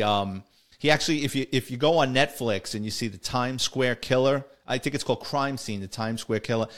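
A middle-aged man telling stories from his police days in a casual podcast. He rambles and doubles back to correct himself, slipping into the voices of the people in his stories. His voice sits at an ordinary mid pitch. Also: fairly bright tone. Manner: rambling, self-correcting, acts out quoted dialogue.

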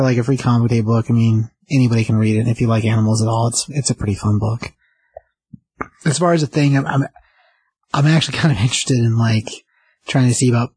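A man with a mid-range voice full of gravelly fry and a raspy edge, chatting casually. He speaks in an easygoing manner, stopping and restarting as he thinks. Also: medium pitch. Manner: relaxed, easygoing, hesitant restarts. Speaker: podcast co-host, comic reviewer. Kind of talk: casual chat.

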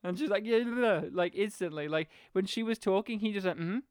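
A man's voice: high-pitched, brisk, clean tone, no room sound, studio quality. A man co-hosting a podcast, chatting casually about a movie and acting out lines from it with lots of swearing. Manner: animated, sweary, acts out quotes. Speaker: podcast co-host reviewing a movie. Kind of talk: casual chat.

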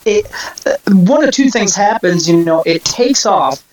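A man's voice: sits high, animated, unhurried, low-quality recording. A man talks music in a loose, rambling way. He doubles back on his words, restarts his sentences and tells long stories with plenty of asides. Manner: rambling storyteller, many restarts. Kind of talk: casual chat.

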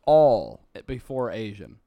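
A man's voice: medium pitch, very animated, slow pace, gravelly, no room sound, lo-fi sound. A young man co-hosting a casual podcast, giggling often and doing silly sound effects. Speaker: podcast co-host.

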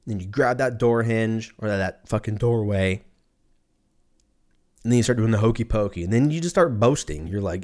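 A man's voice: on the low side, moderate pace, a little mellow. A man hosting a podcast alone, telling a rambling, profane, self-mocking story in a casual comedic monologue. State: in pain from a stubbed toe. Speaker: podcast host.

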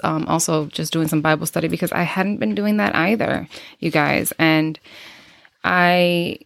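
In a dry, studio-quality recording, a low-voiced woman in her thirties hosts an unscripted podcast. She's slightly breathless, reflective and candid, working through her thoughts aloud with frequent fillers and restarts.

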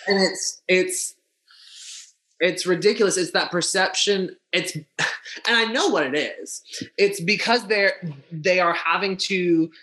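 A man with a high, bright, forceful voice talks passionately in a casual discussion. He speeds up as he goes, stumbling over frequent restarts and fillers.

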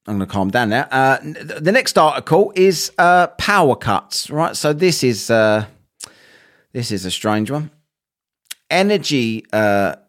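Animated sweary man ranting. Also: medium pitch. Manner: animated, sweary, acts out both sides of a quarrel. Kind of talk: ranting storytelling monologue.

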